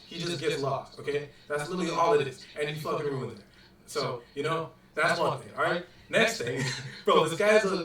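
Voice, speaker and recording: A young man in heated, slang-heavy commentary, swearing through an exasperated rant in a fairly high, bright, forceful voice. He sits back from the mic in an echoey room. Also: far from the mic. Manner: profane, slangy, exasperated rant with constant "bro". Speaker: commentator reviewing a show.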